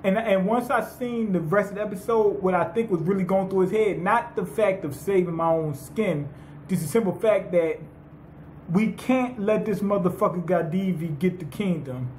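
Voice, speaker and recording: A man's voice: high voice, moderate pace, darkish tone, a little hiss or hum. A man giving a rambling, profane, comedic recap of an anime episode, retelling the characters' lines in slang. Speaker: anime reviewer.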